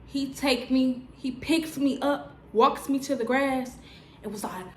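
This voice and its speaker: Slangy, animated young woman in a roomy room. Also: high-pitched, unhurried, background noise. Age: 20s. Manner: animated, slangy storytelling with many "like" fillers. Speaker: vlogger. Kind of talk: storytime vlog. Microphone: on-camera mic.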